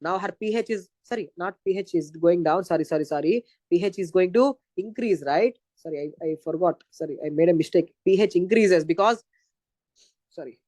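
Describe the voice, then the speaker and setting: A man's voice: high voice, fairly quick, mellow, no echo. A man with an Indian accent teaching physiology in an exam-prep lecture, repeating points step by step. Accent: Indian English. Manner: repetitive, explaining step by step.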